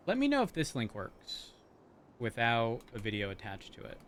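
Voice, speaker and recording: A man's voice: mid-range voice, huge pitch swings, normal speed, a bit bright, slight background noise. A man streaming and chatting casually with viewers while gaming, rambling through explanations with many restarts. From rural area, then a city. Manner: rambling, self-interrupting explanations.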